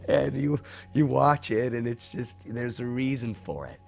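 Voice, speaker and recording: A man, an actor, telling lively anecdotes from a film shoot in an interview. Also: medium pitch, a little slow, creaky. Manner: animated storyteller acting out voices.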